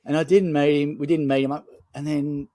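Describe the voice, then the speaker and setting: This man's voice sits a little high, warm and level, moving at an ordinary pace in a room with no audible sound. He's a film director on a podcast, wandering through stories in a relaxed interview and often stumbling into fillers and fresh starts.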